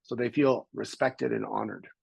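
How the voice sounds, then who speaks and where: A middle-aged man from Canada, a podcast guest telling stories in a lively conversational way and acting out the voices of people he quotes. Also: medium pitch, normal speed, gravelly, slightly rough, no room sound, poor audio. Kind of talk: conversational storytelling.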